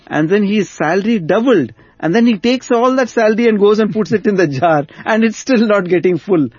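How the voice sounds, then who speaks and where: A man telling a spiritual story in an animated way during a conversation. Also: high-pitched, brisk, hardly any pauses, husky, dry recording. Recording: dull dry sound.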